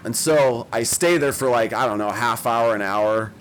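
A man's voice: mid-range voice, moderate pace, slight background noise, rough recording. A young man, telling a long story in casual chat, with a lot of swearing and self-mocking asides. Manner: profane, rambling, self-mocking.

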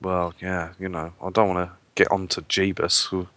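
A man's voice: sits low, flat delivery, normal speed, fairly bright tone, no room sound. A man co-hosting a casual podcast, bantering crudely and reading listener letters aloud.

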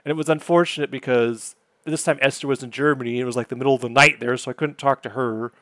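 A man's voice: medium pitch, fairly even intonation, fast talker, fairly bright tone, no room sound. A man hosting a podcast, telling a story in a casual, exasperated way. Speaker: podcast host.

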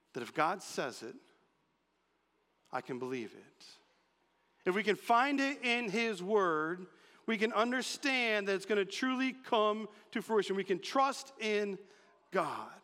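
A man preaching a sermon, animated and acting out quotes in changing voices. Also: sits high, slow, pauses often. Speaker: pastor. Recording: long reverb of a large hall.

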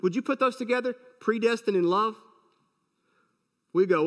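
A man's voice: high-pitched, moderate pace, a bit bright, long reverb tail. A man preaching a sermon as a pastor, emphatic and full of rhetorical questions.

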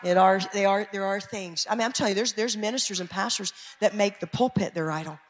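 A woman pastor with an American country accent, preaching a fervent sermon that swings from shouting to quiet asides. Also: medium pitch, quick pace. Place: church sanctuary. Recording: echoey church hall.

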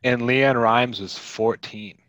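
A man's voice: medium pitch, steady tone, slow, a bit bright, dry recording, lo-fi sound. A man hosting a podcast, chatting casually about a film in a rambling, wry way. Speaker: podcast host.

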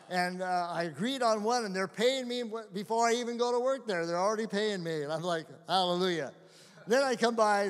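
A middle-aged male pastor telling stories in a sermon, animated and often laughing. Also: high voice. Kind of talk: sermon storytelling. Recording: long hall reverb.

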